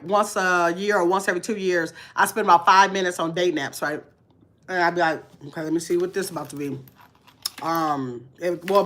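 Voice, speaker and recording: A woman's voice: on the low side, a bit bright. A woman vlogging live to her chat in casual talk, blunt and emphatic, repeating her points.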